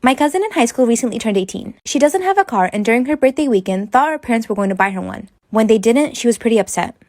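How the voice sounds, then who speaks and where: Brisk woman reading stories aloud. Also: a little high, expressive, darkish tone, no room sound, clean studio sound.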